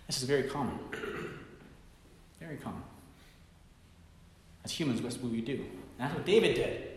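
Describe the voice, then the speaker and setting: A pastor preaching a sermon, telling a story dramatically and swinging from hushed tones to loud bursts. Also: male voice, on the high side. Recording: very echoey hall reverb.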